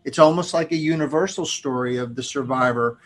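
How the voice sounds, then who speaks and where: A man hosting a studio interview, speaking in a measured way with frequent pauses and restarts. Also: mid-range voice, a little hiss or hum. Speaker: podcast host. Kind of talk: interview conversation.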